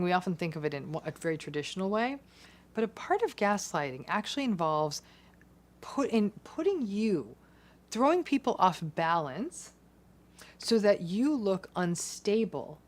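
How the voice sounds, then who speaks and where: A woman giving a measured, deliberate talk explaining a psychology topic, pausing for emphasis. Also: on the low side. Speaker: psychology educator.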